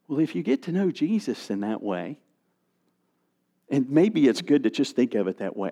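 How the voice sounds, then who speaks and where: A man's voice: mid-range voice, sing-song, moderate pace, warm tone. A middle-aged male pastor preaching a sermon, reading scripture and animating his stories with quoted voices.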